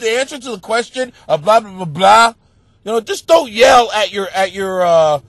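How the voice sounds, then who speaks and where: A man hosting a comedy advice podcast, stuffed up and sniffling, rambling crudely and mocking himself with sudden loud outbursts, recorded in a home basement. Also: high-pitched, husky, no echo. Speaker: podcast host giving advice.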